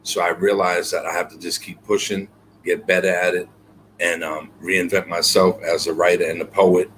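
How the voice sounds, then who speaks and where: A man with a very low voice speaks as a guest poet in an interview. He tells his story earnestly, pausing on fillers and repeating phrases. A faint hiss of noise sits under his voice. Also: flat delivery, fairly bright tone. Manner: reflective, earnest, many fillers and repeated words.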